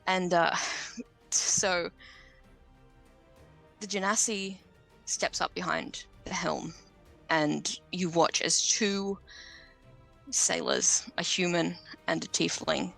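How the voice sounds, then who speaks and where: A woman's voice: lowish voice, steady tone, slow, gravelly, pauses often, a bit bright, faint music behind. A woman narrating as game master of a tabletop game, casual in rules talk and lyrical when she sets the scene. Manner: descriptive, casual with fillers, lyrical in scene-setting.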